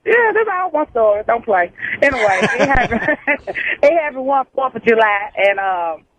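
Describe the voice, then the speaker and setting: A woman's voice: a little high, big pitch swings, moderate pace, a bit bright. A woman caller, telling a story on air in a brash, profane, laughing way. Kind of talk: phone-in storytelling. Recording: dull phone-line sound.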